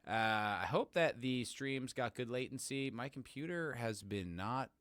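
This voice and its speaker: A man's voice: mid-range voice, expressive, unhurried, a bit bright, dry recording, clean studio sound. A man hosting his podcast as a casual live-stream chat, rambling and joking and greeting chat viewers by name. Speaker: podcast host.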